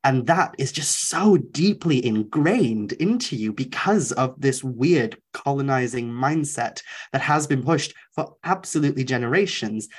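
A man in his twenties from North Wales, a Welsh speaker with a softened Welsh accent often heard as English, talking earnestly and thoughtfully as an interview guest, with many fillers. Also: mid-range voice, animated, measured pace, hardly any pauses, breathy edge. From North Wales, Isle of Anglesey. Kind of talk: reflective conversational interview.

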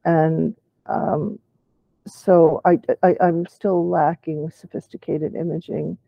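A man in a casual chat who speaks haltingly and often restarts his sentences. He uses clinical terms, and his vocal cords are weak and do not close properly. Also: a little high, flat delivery, vocal fry, dry recording, lo-fi sound. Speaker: participant in a patient discussion.

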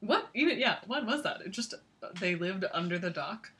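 Bright woman with playful quips. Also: on the low side, animated. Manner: playful, jokey, quick reactions. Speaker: podcast co-host. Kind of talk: casual chat.

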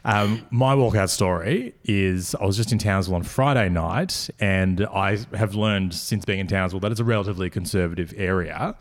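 An Australian podcast host with a low voice tells stories in a casual, laughing way at normal speed, hardly pausing at all during the chat.

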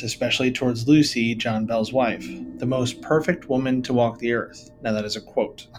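A man's voice: mid-range voice, rough recording. Man reading out story notes on a podcast. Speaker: podcast co-host.

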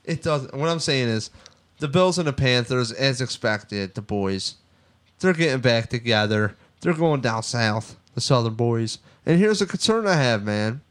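A man chatting loosely on a sports podcast, his speech full of swearing and tangents. His voice is smooth and clear at a middling pitch, and he keeps jumping between excitement and mumbling asides. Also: unhurried. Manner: profane, rambling, excitable. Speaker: podcast co-host. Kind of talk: casual sports podcast chat.

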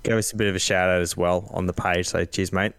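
A man's voice: low voice, fast talker, clean tone, no echo, clean studio sound. A man co-hosting a podcast, casually running through sports stats with a few fillers. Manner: relaxed, lists numbers with fillers. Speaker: co-host.

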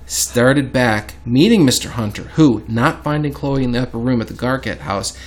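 A man's voice: mid-range voice, normal speed. Man reading history aloud with asides. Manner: reads aloud dramatically and breaks off to comment. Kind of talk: casual chat, reading a historical account aloud.

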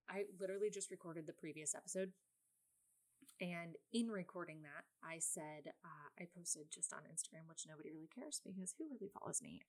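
A woman in her thirties hosting a podcast, telling a rambling, exasperated story in casual chat with lots of fillers. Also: on the low side. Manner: chatty, rambling, exasperated venting with many fillers. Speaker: podcast host.

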